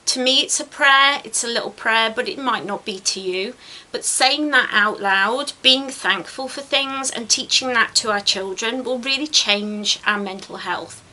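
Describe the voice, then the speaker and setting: A woman's voice: on the high side, pushed and bright. A tired woman vlogger talking to camera, giving earnest, encouraging self-help advice and repeating words for stress. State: tired, yawning.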